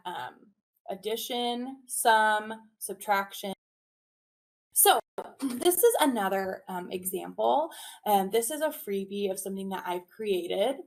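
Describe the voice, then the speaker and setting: A woman teacher giving a webinar demonstration, animated and drilling phrases in a sing-song call-and-response. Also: medium pitch, gravelly. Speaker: early childhood teacher presenting a webinar. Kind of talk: teacher demonstration with chants and repetition.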